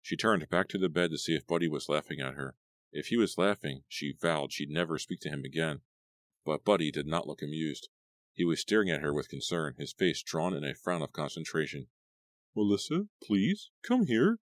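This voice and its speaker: A man narrating an audiobook story with expressive storytelling. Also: a bass voice, brisk, no room sound, studio quality. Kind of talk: scripted narration.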